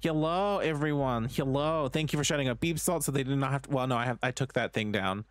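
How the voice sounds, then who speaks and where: A man's voice: medium pitch, fast, dry recording. A man streaming live, chatting casually with viewers as he plays, self-mocking and swearing freely. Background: faint game music.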